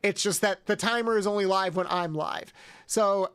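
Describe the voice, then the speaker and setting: A man streaming a video game live, chatting with viewers, excitable and prone to swearing and yelping outbursts. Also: high voice, normal speed, smooth.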